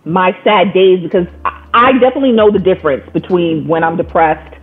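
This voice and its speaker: Woman, podcast guest, animated storyteller, tinny phone-like sound. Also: fairly low pitch, brisk, husky. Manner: animated storyteller, acts out quoted voices. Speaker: guest, coaching client. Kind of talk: casual conversation.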